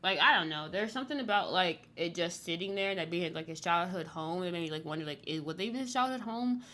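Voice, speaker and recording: A woman's voice: on the low side, lively intonation, fast talker, sharp tone. A woman casually recapping a reality TV show, rambling and blunt, with lots of "like" in her speech. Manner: candid, blunt.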